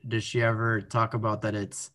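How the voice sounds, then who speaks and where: A man's voice: fairly low pitch, monotone, moderate pace, bright, forceful tone. A man interviewing a guest, rephrasing his questions as he goes.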